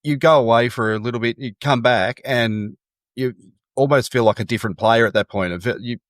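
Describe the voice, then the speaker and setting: A man's voice: mid-range voice, brisk, dry recording, clean studio sound. A man co-hosting a podcast, asking long winding questions with restarts. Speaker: podcast co-host.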